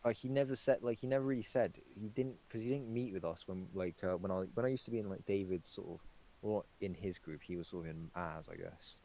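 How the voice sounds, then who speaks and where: A man's voice: low-pitched, fast talker, mellow, low-quality recording. A young man chatting casually on a podcast, rambling with lots of fillers and swearing. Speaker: podcast co-host. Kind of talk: casual chat.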